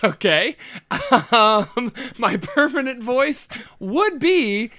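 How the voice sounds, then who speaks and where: Man, comedy podcast co-host, animated pitch, giggly teasing, dry close mic. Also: drawn-out words, no room sound. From United States. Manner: laughs often, playful teasing. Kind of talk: casual comedic chat.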